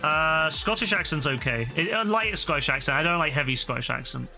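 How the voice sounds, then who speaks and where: A man's voice: on the high side, lively intonation, fairly quick, creaky, pushed and bright, faint music behind. A young man chatting bluntly while gaming, swearing freely and rambling through his opinions. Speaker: gaming streamer. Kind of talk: casual chat while gaming.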